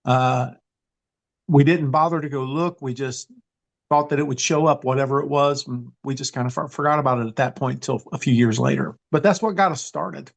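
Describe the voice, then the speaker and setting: A man's voice: medium pitch, moderate pace, creaky. A man, an interview guest earnestly telling a personal story with frequent restarts and fillers. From eastern Kentucky.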